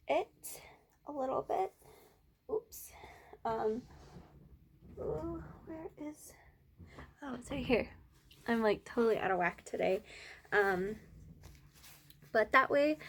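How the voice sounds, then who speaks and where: Breathless young woman rambling softly. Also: fairly high pitch. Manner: rambling, soft-spoken, with many fillers. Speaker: art student vlogger. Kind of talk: casual vlog chat.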